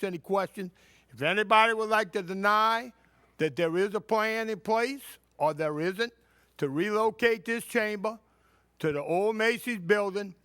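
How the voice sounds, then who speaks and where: A man's voice: high-pitched, fairly bright tone, no echo. A man from Louisiana making an indignant public comment at a city council meeting, asking pointed rhetorical questions. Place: council chamber.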